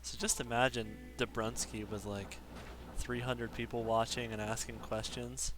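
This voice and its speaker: A man's voice: mid-range voice, little pitch movement, normal speed, music in the background. A man streaming a game live, chatting casually and self-deprecatingly with his viewers. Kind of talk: casual live-stream chat while gaming.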